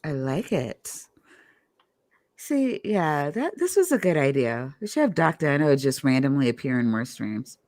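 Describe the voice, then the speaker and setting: A woman's voice: deep voice, very animated, a little slow, a little mellow, no room sound, studio quality. A woman hosting a livestream in casual chat, blunt and joking crudely. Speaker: stream host.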